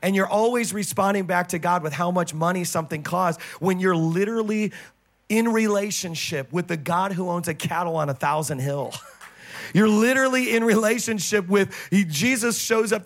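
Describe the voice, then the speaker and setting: A man with a notably high voice preaches from the pulpit. He keeps the sermon lively and jokes with the congregation as he goes. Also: normal speed. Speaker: pastor.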